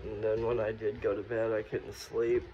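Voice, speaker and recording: A man's voice: lowish voice, little pitch movement, normal speed, muffled recording, a little hiss or hum. A man vlogging casually at home, talking in a scattered, rambling way straight to his viewers as he walks between rooms. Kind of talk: casual rambling vlog talk.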